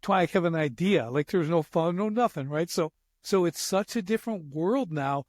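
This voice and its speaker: A man's voice: high voice, expressive, moderate pace, dry recording, studio quality. A man in his sixties hosting a podcast interview, telling rambling anecdotes in casual chat. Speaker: podcast host.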